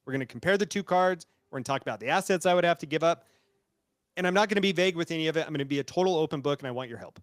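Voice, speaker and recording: A man's voice: fairly high pitch, expressive, very fast, dry recording, studio quality. A man co-hosting a podcast, ranting animatedly and mocking friends' voices. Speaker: podcast co-host.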